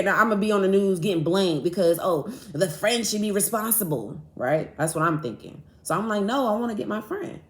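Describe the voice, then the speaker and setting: A young woman hosting a podcast, telling a story in a casual, animated and profane way, acting out both sides of an argument. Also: mid-range voice, brisk, hardly any pauses. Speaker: podcast host. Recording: echoey room.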